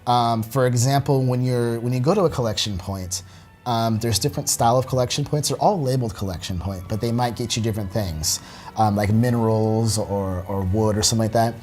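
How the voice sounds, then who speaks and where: A man giving relaxed, halting commentary while demonstrating a video game, with many fillers. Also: medium pitch. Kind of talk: casual gameplay commentary. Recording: faint game music behind.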